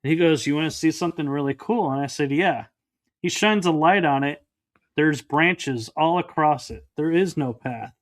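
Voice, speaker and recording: A man's voice: fairly high pitch, normal speed. A man, a podcast guest, recounting a personal experience in an interview and acting out the dialogue. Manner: storytelling that acts out quoted dialogue.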